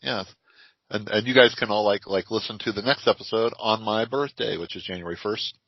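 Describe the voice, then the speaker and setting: An older man co-hosts a casual podcast, telling lively stories and laughing often. His voice sits low. The audio is dull and dry. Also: brisk, no echo. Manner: lively storyteller with frequent laughs. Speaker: podcast co-host.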